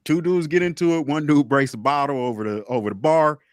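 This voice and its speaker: A man's voice: a little high, brisk, no room sound, studio quality. A man co-hosting a podcast, telling a profane anecdote in casual chat. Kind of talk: casual storytelling.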